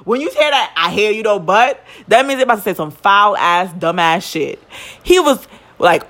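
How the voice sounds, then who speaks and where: Animated profane woman telling a story. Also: mid-range voice, a little hiss or hum. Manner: animated, profane storytelling, quick bursts of indignation. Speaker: podcast co-host. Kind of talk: casual storytelling chat.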